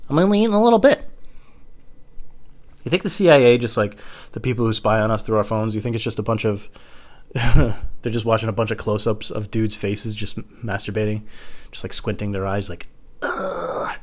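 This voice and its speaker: A young man doing a rambling, crude, self-mocking comedy monologue at home, jumping into silly high voices. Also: fairly even intonation, brisk. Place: home room.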